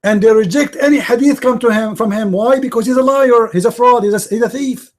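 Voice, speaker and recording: A man's voice: extremely high pitch, brisk. A man hosting a live debate, arguing emphatically and repeating his points to the viewers. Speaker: debate host.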